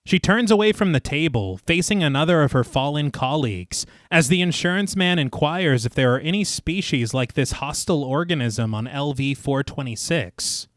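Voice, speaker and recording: A podcast co-host narrates a scripted film recap, with clean studio sound and no echo. His expressive voice moves at normal speed with few pauses. He tells it dramatically, adds casual asides, reads movie quotes in a lowered voice, and laughs at his own jokes.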